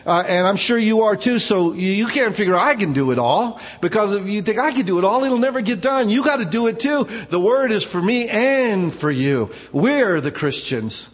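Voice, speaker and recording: A man's voice: sits high, animated, moderate pace, hardly any pauses, in a large hall. A male pastor preaching a conversational sermon, telling personal stories in a casual, informal way. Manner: informal, personal storytelling, frequent "man" asides.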